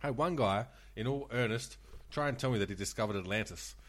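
A man's voice: mid-range voice, fast, very noisy. A man with an Australian accent, a former croupier, telling stories in a laid-back, sweary way on a casual podcast. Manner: laid-back, swears a lot, laughs often. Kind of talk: casual storytelling chat.

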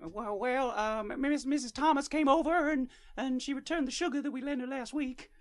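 A woman's voice: high voice, moderate pace, lightly acted. A woman improvising as the photographer's nagging, sarcastic wife, scolding him. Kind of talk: improvised comedy scene.

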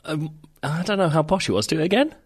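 A man's voice: on the high side, lively intonation, quick pace, slightly rough. A man with a British accent co-hosting a podcast, given to wry, teasing banter. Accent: British English. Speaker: podcast co-host. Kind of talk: casual chat.

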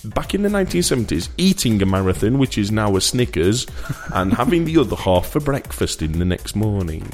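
Lively, jokey man. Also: fairly low pitch, a little fast, hardly any pauses, soft background music. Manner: jokey, teasing, animated, does silly voices. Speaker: podcast co-host. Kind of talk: casual chat.

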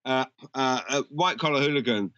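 A man's voice: medium pitch, normal speed, fairly bright tone, no echo, lo-fi sound. A man co-hosting a film podcast, chatting casually with a rambling, restart-heavy delivery. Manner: rambling, lots of restarts and fillers. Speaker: podcast co-host.

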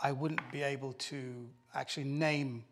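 A man's voice: mid-range voice, fairly even intonation, a bit bright. A man, a comedy guest on a panel, cheeky and indignant, jumping into the banter. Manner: indignant, cheeky, quick to jump in. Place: studio with live audience.

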